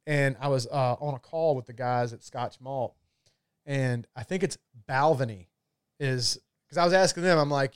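A man's voice: medium pitch, normal speed, clean tone, no echo, studio quality. A man chatting casually about whiskey and gin, rambling and swearing freely. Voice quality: loose, profane, rambling delivery. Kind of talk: casual chat.

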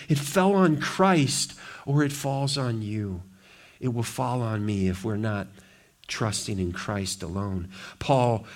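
A male pastor preaching a sermon emphatically, swinging between loud declarations and quiet asides. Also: medium pitch.

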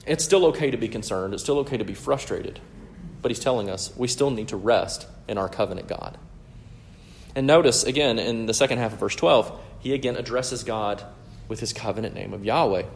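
A man's voice: fairly low pitch, brisk, vocal fry, a little hiss or hum. A man preaching a sermon in an earnest, teaching way, often checking in with his listeners. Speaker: pastor.

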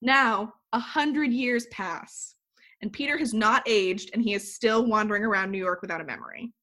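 A woman's voice: fairly high pitch, normal speed. Woman animatedly retelling a movie plot. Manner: animated storyteller, heavy use of "like". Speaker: podcast co-host.

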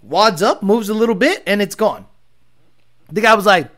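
A man's voice: high-pitched, expressive, moderate pace, pauses often, a bit bright. A man hosting a livestream, telling rambling stories and mocking his chat in a casual, profane way. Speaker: livestream host reading chat.

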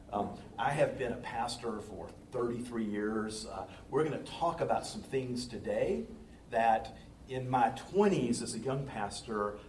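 A man's voice: mid-range voice, a little mellow, echoey room, distant mic, slight background noise, poor audio. A man in his fifties from the Southern United States, a pastor speaking to a congregation in a folksy, engaging way. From Southern US, North Carolina. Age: 50s. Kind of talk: talk to a congregation. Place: church sanctuary.

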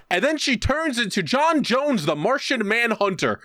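A man co-hosting a podcast, telling a long story in casual chat. He is animated and profane, and he slips into put-on voices to act out quotes. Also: very high-pitched, normal speed, no room sound, clean studio sound. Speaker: podcast co-host.

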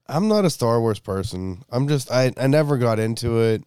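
A man in casual podcast banter who talks haltingly, restarting his sentences and swearing. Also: mid-range voice, animated, a little mellow, clean tone, dry recording, studio quality. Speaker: podcast co-host.

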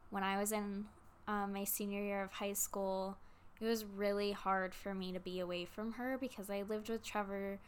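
Woman, 20s, tearful, halting with pauses, slow, smooth clear voice, personal vlog storytelling. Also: mid-range voice, fairly bright tone. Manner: halting, with many pauses and fillers. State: tearful, close to crying. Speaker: vlogger.

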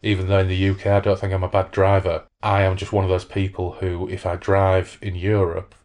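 A man's voice: low voice, monotone, a little fast, a little mellow. A middle-aged man hosting a podcast, reading a novel aloud and then chatting in a rambling, self-deprecating way. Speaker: podcast host. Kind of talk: book reading and casual chat.

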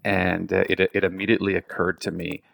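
A man's voice: sits low, little pitch movement, fairly quick, vocal fry, a bit bright, no room sound, clean studio sound. A man in casual chat, blunt and ranting, with many fillers and restarts.

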